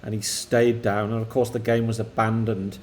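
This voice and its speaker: An older English man, the co-host and father of the streamer, chatting slowly and reflectively about football on a live stream. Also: on the low side, slight background noise. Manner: slow, relaxed, reflective, chuckling.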